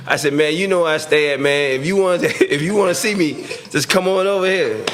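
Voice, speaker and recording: On a sports talk show, a former football player spins a long, easygoing tale, acting out the quoted lines and laughing as he goes. His voice is on the high side and fairly bright, with a brisk, nearly pause-free delivery over slight background noise.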